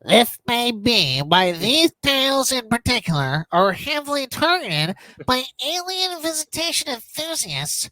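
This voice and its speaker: A man putting on a mocking voice for a condescending male academic writer, reading in a slow, prim, lilting way. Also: very high voice, sing-song, sharp tone, dry recording, pitched above the performer's own voice, heavily acted. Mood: prissy. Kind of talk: mocking read-aloud impression.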